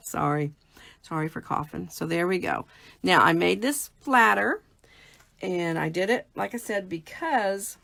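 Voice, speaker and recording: A woman's voice: fairly low pitch, creaky, fairly bright tone. A middle-aged woman hosting a casual live craft demo from home, chatty and talking through each step as she works. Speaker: papercraft host.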